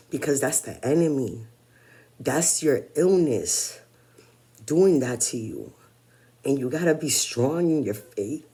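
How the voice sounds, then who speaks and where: A woman's voice: sits low, mellow, breathy edge. A woman in her forties talking in a personal vlog monologue, blunt and candid, swearing freely. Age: 40s. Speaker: vlogger.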